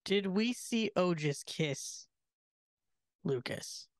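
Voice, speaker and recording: A woman playing a tabletop game, halting and repeating her words. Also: on the low side, animated, a little mellow, no room sound, studio quality. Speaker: player. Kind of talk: casual tabletop game play.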